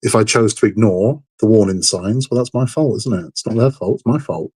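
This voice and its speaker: A man's voice: on the low side, a little fast, a little mellow, breathy edge. A man hosting a live model-building stream, chatting casually and frankly, rambling and repeating himself, tired and under the weather. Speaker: livestream host building a model kit.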